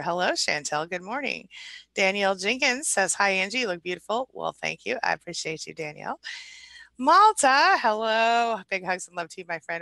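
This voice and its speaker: A middle-aged woman hosting a live coaching stream, warm and chatty as she greets viewers. Her voice is bright with a touch of vocal fry. The recording is dry and close to the mic. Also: mid-range voice, no room sound. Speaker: relationship recovery coach.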